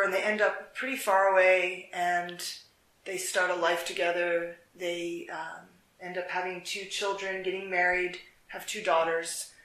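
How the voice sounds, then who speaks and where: Bright-voiced storyteller in an echoey room. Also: medium pitch. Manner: relaxed, unscripted, with fillers and restarts. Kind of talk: casual storytelling.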